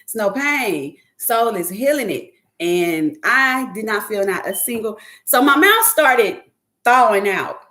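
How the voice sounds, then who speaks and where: Woman host, casual and profane, very lively pitch. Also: slow pace. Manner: animated, profane, laughs often, mimics others. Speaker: podcast host. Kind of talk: casual storytelling chat.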